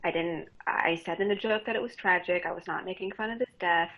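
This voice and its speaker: A fairly low-pitched woman speaks candidly as a guest comedian, often breaking into laughter mid-story. The recording sounds slightly dull and lo-fi, like a casual podcast. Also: a little fast. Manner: candid, laughs often while telling stories.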